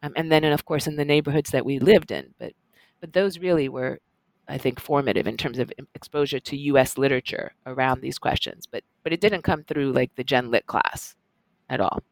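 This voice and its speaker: A middle-aged woman professor telling stories in a lively, animated way as an interview guest. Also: very deep voice, a little fast, dry recording. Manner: lively, animated storyteller with laughs. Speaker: guest, professor and journal editor. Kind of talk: conversational interview storytelling.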